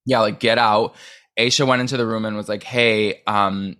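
Podcast co-host, male, lowish voice, rapid chatty recap style. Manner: fast, animated recapping with filler words. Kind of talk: casual podcast chat.

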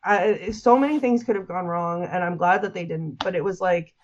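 A woman's voice: lowish voice, normal speed, dull audio. A woman guest describing a frightening paranormal experience in an interview, rambling and full of "like" and restarts. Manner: rambling, heavy use of "like", restarts. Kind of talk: emotional interview storytelling.

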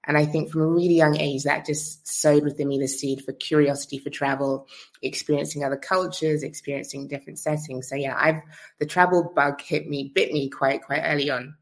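A thoughtful woman with a London accent, chatting as a podcast guest. Her voice sits low in her range and her talk is relaxed and conversational. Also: brisk. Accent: London English. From London, England. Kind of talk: casual interview chat.

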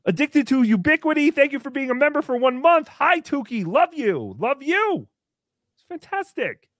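A man hosting a comedic livestream, thanking members in a goofy, animated manner. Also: very high voice, normal speed, no echo, studio quality. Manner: goofy, animated, swinging between squeals and mumbles. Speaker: livestream host. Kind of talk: comedic live-stream chat.

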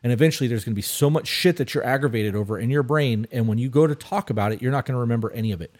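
Rapid-fire and darkish in tone, a thirtysomething advice-podcast co-host speaks in a mid-range voice. His casual delivery is blunt and profane, and he repeats points to drive them home.

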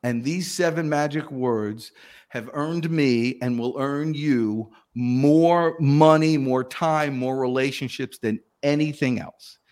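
A sales coach from the Southern United States speaks slowly in a medium pitch as a guest in an interview. He talks animatedly, acting out phone calls in different voices.

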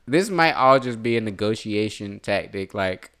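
A man's voice: lowish voice, animated, normal speed, a bit bright. A man co-hosting a podcast in casual chat, argumentative and swearing freely. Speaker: podcast co-host.

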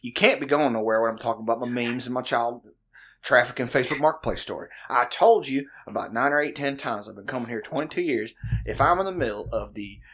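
A man voicing a grumpy, threatening older male bar regular who rants slowly. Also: mid-range voice, fairly bright tone, a little hiss or hum, close to an everyday voice. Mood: menacing. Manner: menacing, drawn-out rant.

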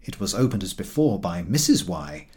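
A man's voice: sits low, sing-song, normal speed, a little mellow. A man reads a classic comic novel aloud as an audiobook narrator. His voice rises and falls with great liveliness as he tells the story dramatically. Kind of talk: expressive scripted narration.

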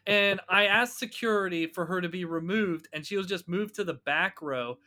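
A man co-hosting a casual podcast who tells stories with animated energy and acts out other people's lines. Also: sits high, moderate pace. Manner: animated storyteller, acts out quotes. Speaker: podcast co-host. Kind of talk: casual chat.

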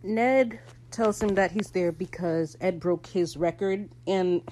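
Female podcast host, casual recap chat; animated, slangy delivery with a lowish voice. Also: slow pace, a little hiss or hum. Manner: animated, slangy, bursts into laughter.

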